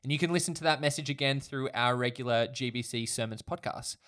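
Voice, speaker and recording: A man's voice: mid-range voice, fast talker, fairly bright tone. A young man hosting a casual church podcast, upbeat and chatty, laughing often. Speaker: podcast host.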